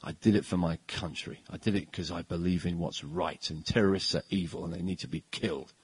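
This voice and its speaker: A man quoting a stoic male action hero in a flat, matter-of-fact way during a sermon. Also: sits low, fairly quick, breathy edge, dry recording, voice pushed down. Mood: resolute.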